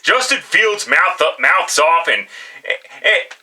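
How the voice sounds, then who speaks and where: A man's voice: fairly high pitch, very animated, slow pace, bright, forceful tone, poor audio. A man giving blunt, profane football picks in casual solo commentary, often restarting his sentences. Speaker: sports picks vlogger.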